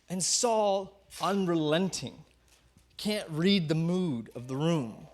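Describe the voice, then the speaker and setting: A man, a pastor, retelling a story in a sermon with animated delivery, acting out the voices. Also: on the high side, slow pace.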